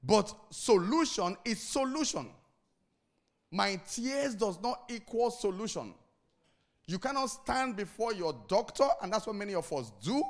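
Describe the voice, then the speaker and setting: A man's voice: high-pitched, lively intonation, unhurried. A man preaching a sermon as pastor, repeating key phrases and putting questions to the congregation for them to answer. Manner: asks the congregation call-and-response questions.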